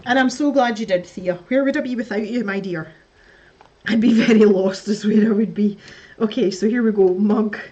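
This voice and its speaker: A woman's voice: medium pitch, moderate pace, mellow, lo-fi sound. A woman hosting a casual live stream, chatting to her viewers as she builds, laughing often and muttering to herself. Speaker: livestream host.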